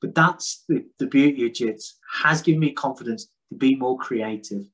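A man's voice: medium pitch, normal speed, a bit bright, breathy edge, rough recording. A man, talking frankly and at length as a podcast guest, rambling and self-deprecating. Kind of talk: casual conversation.

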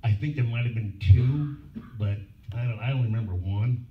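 A man's voice: medium pitch, brisk. A man telling blunt, profane stories at a convention panel, laughing often. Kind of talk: casual storytelling at a fan panel. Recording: echoey far-off hall recording, phone-like and noisy.

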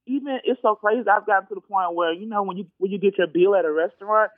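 A man's voice: sits high, quick pace, no echo. A young man, a college student, chatting casually as a guest and filling his talk with "like" and restarts. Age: young adult. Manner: chatty, lots of fillers. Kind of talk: casual interview over the phone. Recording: tinny phone line.

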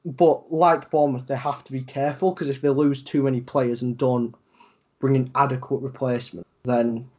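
A man's voice: mid-range voice, little pitch movement, normal speed, darkish tone, lo-fi sound. A man with a Yorkshire accent co-hosting a casual football podcast, rambling with lots of fillers and free swearing. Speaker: podcast co-host.

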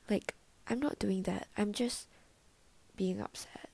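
A young woman's mellow, breathy voice with a gravelly fry at the ends of phrases. She muses softly, slipping into half-whispers and trailing fillers as she shares her reflections in a personal vlog. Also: mid-range voice, slow, long pauses. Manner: soft, often half-whispered, filler-heavy musing. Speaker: vlogger.

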